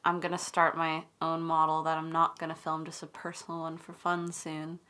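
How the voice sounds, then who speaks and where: A woman's voice: deep voice, completely flat delivery, normal speed, sharp tone, clean tone. A young woman co-hosting a hobby video, chatting casually in a playful, teasing way. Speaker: co-host of a model-kit channel. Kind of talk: casual chat.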